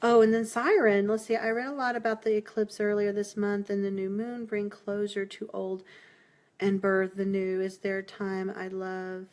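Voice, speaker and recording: A woman's voice: medium pitch, flat delivery, moderate pace, a little mellow. A woman giving a live-streamed tarot reading, chatty and reassuring, laughing often as she talks to viewers. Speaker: tarot reader.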